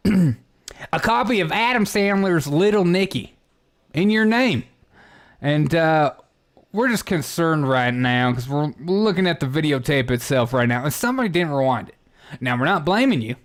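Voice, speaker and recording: A man doing a fussy video store clerk who leaves a prank voicemail, rambling and fake-earnest in a customer-service tone. The voice sits somewhat high and a bit louder than plain talk. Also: expressive, measured pace. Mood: mock-polite. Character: overly polite male video store clerk.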